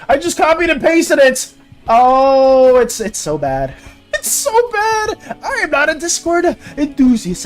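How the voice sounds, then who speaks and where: An art streamer in casual live-stream chat, reading viewers' messages aloud and answering them. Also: sits high.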